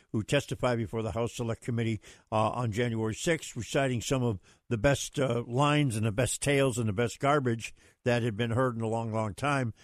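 A man hosting a political talk radio show, delivering with a booming, theatrical announcer style. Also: no room sound, studio quality.

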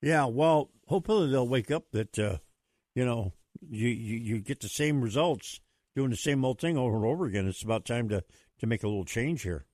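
A man hosting a political talk radio show, delivering with a booming, theatrical announcer style. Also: expressive, brisk, darkish tone, no echo, studio quality.

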